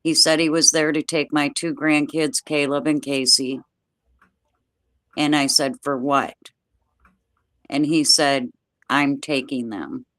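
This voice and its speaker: An older woman, a guest, telling a personal story in plain, steady words with everyday dialect grammar, speaking from home over a video call. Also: low-pitched, slow, pauses often, no room sound.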